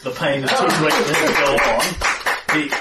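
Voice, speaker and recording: A man narrating a tabletop game as game master, telling the story with lively delivery and explaining the rules as he goes. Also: on the high side, brisk. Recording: echoey room, distant mic, noisy.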